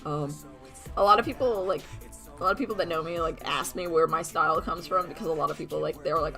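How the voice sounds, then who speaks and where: Drawing live on stream, a young woman talks quickly in a low, pushed and bright voice with vocal fry. She rambles, giggles, mocks herself and performs quoted voices, while faint background music plays.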